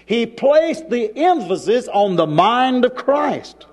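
A male preacher delivering a sermon in a church, with dramatic pauses and shifts in pace. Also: extremely high pitch, very animated.

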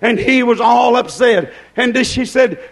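High-voiced preacher. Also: male voice, vocal fry. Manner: preaching with drawn-out phrases and shouted peaks. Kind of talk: sermon.

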